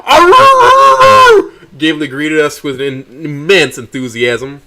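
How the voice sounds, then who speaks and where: A man's voice: medium pitch, fairly even intonation, a little fast, a bit bright. A man reading a story aloud on a stream, stumbling and correcting himself as he reads.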